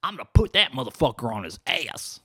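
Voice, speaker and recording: A man voicing a brash, boastful athlete who talks loud and cocky and swears. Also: mid-range voice, big pitch swings, brisk, husky, no room sound, studio quality, exaggerated voice. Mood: indignant.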